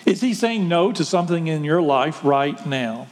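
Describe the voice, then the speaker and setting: A man's voice: a little high, lively intonation, moderate pace, in a large hall. A male pastor preaching a sermon, retelling a story conversationally and asking the congregation questions.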